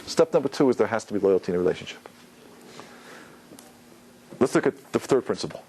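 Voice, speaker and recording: A rabbi giving an informal, conversational Torah lecture to a class, using many fillers and acting out quoted lines. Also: male voice, lowish voice, animated, fairly quick, a little mellow, a little hiss or hum, rough recording. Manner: conversational, loose with fillers, acts out quotes with a rising voice.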